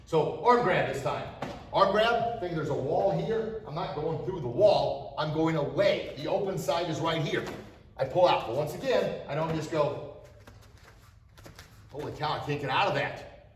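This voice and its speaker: Middle-aged male martial arts instructor, lively coaching, a bit higher voice, heard from across an echoey studio. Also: normal speed, distant mic, slight background noise. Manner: energetic, shouts sharp strike cries. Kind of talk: demonstrating self-defense to students.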